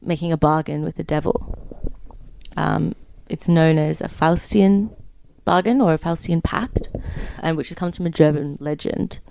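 A woman's voice: deep voice, fairly even intonation, unhurried, gravelly, warm tone, slight background noise. A young woman in her twenties co-hosting a casual podcast, telling a story in a chatty way with lots of fillers. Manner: chatty, many fillers, laughs easily. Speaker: podcast co-host.

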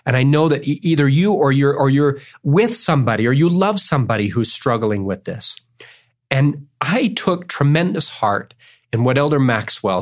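A middle-aged man talks with earnest feeling and tears close to the surface, a cellist sharing family stories on a faith podcast. His voice sits at an ordinary pitch. He drifts into tangents and apologizes for getting weepy. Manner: tearful, tangent-prone, earnest. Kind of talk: emotional interview storytelling.

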